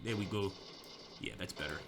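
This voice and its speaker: A man's voice: low-pitched, moderate pace, a bit bright, slight background noise. A young man giving casual, chatty commentary over a strategy war game, thinking aloud with fillers and restarts. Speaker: gameplay commentator.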